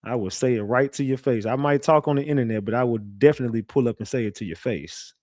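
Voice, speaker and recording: A brash man running a livestream who trash-talks freely and laughs a lot. His voice sits at a middle pitch. The sound is dry and close, with no room echo. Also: fast, a little mellow. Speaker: livestream host. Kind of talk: casual livestream commentary.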